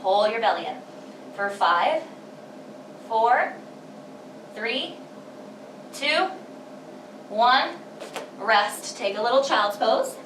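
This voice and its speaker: Her fairly high, somewhat bright voice is expressive, stretching out words and leaving long pauses as she coaches pilates in a home workout space. She counts breaths and reps encouragingly, slightly breathless. The far-off mic captures room echo and a little hiss or hum.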